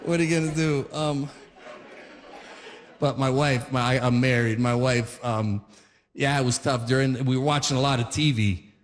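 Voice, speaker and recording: A man's voice: mid-range voice, steady tone, moderate pace, long reverb tail. A man in his forties doing stand-up comedy, rambling and restarting his sentences with chuckles. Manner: rambling, self-interrupting, chuckling.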